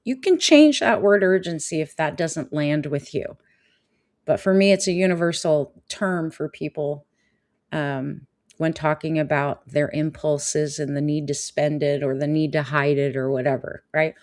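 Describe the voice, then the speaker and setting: A woman hosting a live-stream coaching talk, animated, often repeating phrases and answering viewers' comments. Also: on the low side, unhurried.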